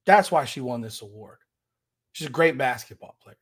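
A man's voice: medium pitch, animated, moderate pace, slightly rough. A man hosting a podcast, giving emphatic, indignant commentary and often repeating himself. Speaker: podcast host. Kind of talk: opinionated commentary.

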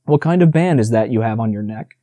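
A man reading the part of a wise old male stag who speaks quietly and with command, in an audiobook. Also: medium pitch, animated, fast talker, no echo, natural voice. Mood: grave.

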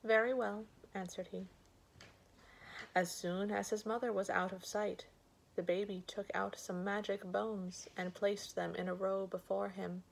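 Slow, gravelly-voiced woman reading a bedtime story. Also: medium pitch, level tone, rough recording. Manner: slow, gentle reading with lightly voiced characters.

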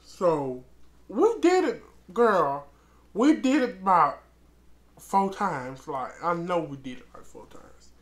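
Slow-talking blunt woman vlogger. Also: on the low side, sing-song. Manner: blunt and profane, calls the listener girl; rambling with many restarts. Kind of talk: casual storytime vlog.

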